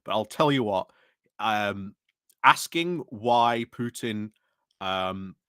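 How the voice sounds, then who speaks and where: A man's voice: fairly low pitch, lively intonation, takes it slowly, bright, forceful tone, smooth, no echo, studio quality. A man in casual political chat on a podcast, rambling with many fillers and restarts. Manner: rambling, frequent fillers and restarts, laughs while talking. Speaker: podcast panelist.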